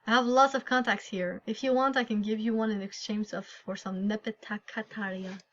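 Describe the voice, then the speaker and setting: A woman's voice: medium pitch, steady tone, normal speed, a bit bright, lightly acted. A woman reading a smug haggling merchant. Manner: condescending, mocking. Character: smug scheming merchant who haggles hard. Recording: lo-fi recording.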